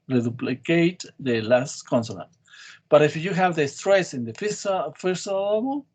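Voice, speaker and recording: A man's voice: a little high, lively intonation, normal speed, darkish tone. Bilingual man teaching English. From Mexico. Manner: switches between English and Spanish, repeats words to model stress. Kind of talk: classroom lesson.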